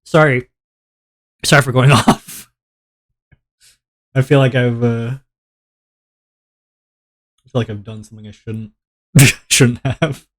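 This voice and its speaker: A man's voice: mid-range voice, fairly even intonation, slow, long pauses. A male streamer chatting casually to his viewers while drawing, rambling and poking fun at himself with frequent laughs. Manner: rambling and self-mocking, laughs often.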